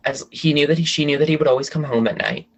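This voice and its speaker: A man's voice: on the high side, animated, quick pace, fairly bright tone, low-quality recording. A man from the DC area, a podcast guest chatting casually and rambling through gossip with many restarts. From Washington DC area. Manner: chatty, rambling, self-correcting.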